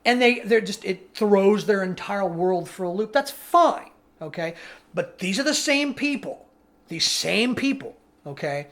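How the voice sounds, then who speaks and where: A man's voice: high voice, lively intonation, measured pace, fairly bright tone. A man co-hosting a podcast, ranting bluntly and profanely in casual opinion chat. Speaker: podcast co-host.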